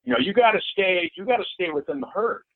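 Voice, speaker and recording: A man's voice: high-pitched, animated, quick pace, dry recording. A middle-aged man as a podcast guest in casual interview chat, swearing freely and repeating himself as he talks. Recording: tinny phone-like line, dry.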